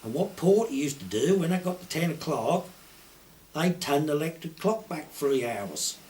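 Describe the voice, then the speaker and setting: Older Suffolk countryman, a fairly high voice, a rural yarn-spinner who does the voices of the people in his stories. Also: animated, normal speed, a little mellow. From Suffolk, England. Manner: broad rural dialect, acts out quoted dialogue. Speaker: retired poacher. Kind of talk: anecdotal storytelling.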